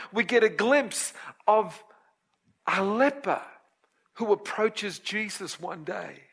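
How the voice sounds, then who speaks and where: Guy preaching, high bright voice, acts out the story voices, gets quiet when explaining. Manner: drops to a low, quiet tone when explaining scripture. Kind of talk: sermon.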